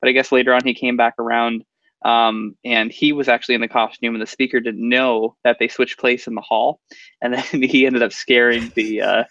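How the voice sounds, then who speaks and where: A man co-hosting a casual tech podcast, speaking haltingly with many fillers. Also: mid-range voice, flat delivery, fairly bright tone, dry recording. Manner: halting, full of fillers and restarts. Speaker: podcast co-host. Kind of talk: casual chat. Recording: dull, lo-fi dry sound.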